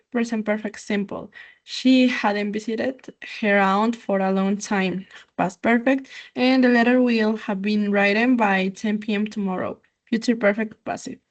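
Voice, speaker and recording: A female student reading textbook sentences aloud carefully in an online class. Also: fairly high pitch. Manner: careful reading with brief hesitations.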